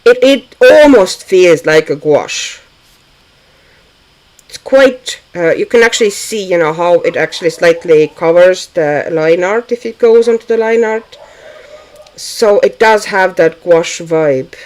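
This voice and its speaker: A woman's voice: on the low side, a little slow, a little mellow, poor audio. A woman hosting a casual livestream, chatting to viewers and thinking aloud with hesitant fillers while she paints. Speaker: livestream host.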